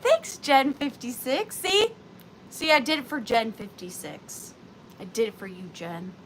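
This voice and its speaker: A woman's voice: fairly high pitch, lively intonation, a little slow, a bit bright, a little hiss or hum. A woman hosting an antique and vintage live sale, chatting casually and greeting viewers by name in a chatty, self-deprecating way.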